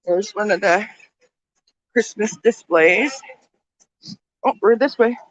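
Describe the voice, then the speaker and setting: A woman walks and talks into a handheld phone outdoors in a snowy resort village, a little out of breath. She chats with her viewers as friends, her voice in the middle pitch range and close and dry. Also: slow, dry recording, highs cut off. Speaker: vlogger. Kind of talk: walking vlog.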